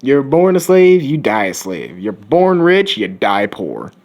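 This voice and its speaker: A man's voice: mid-range voice, huge pitch swings, measured pace, darkish tone, lo-fi sound. A man voicing a brash, cynical young male hero in a Rick-like manner, rambling and crude, recorded on a phone. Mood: ranting. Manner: crude, rambling, coughs between lines.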